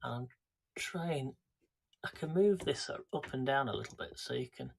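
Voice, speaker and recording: A man's voice: mid-range voice, a little slow, creaky, background noise. A man hosting a live cooking stream, chatting casually and greeting viewers by name, recorded in a home kitchen on a camera set on a tripod.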